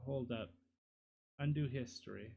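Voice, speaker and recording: A man's voice: medium pitch, measured pace, gravelly, dark tone, breathy edge. A man streaming live, casually muttering to himself and apologizing, self-deprecating as he works on a 3D model.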